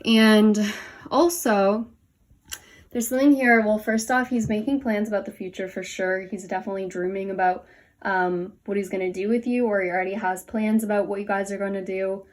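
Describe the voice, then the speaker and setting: A woman's voice: mid-range voice, fairly even intonation, fairly quick. A young woman doing a casual tarot reading at home, talking with many fillers and a little out of breath as she leans over her cards. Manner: chatty, many "like" and "um" fillers, laughs at herself. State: a bit out of breath. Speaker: tarot reader. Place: home room, kneeling over cards on the floor.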